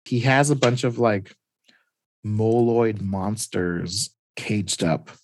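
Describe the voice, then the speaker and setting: Male podcast host, casual and rambly, lower voice, dry recording. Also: slow, no room sound. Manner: rambling, many "like"s and restarts. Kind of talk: casual comic recap.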